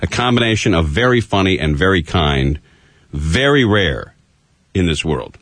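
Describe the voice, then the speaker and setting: A man's voice: low voice, normal speed, no room sound. A man hosting a radio talk show, chatting loosely and laughing often. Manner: laughing, loose, animated banter.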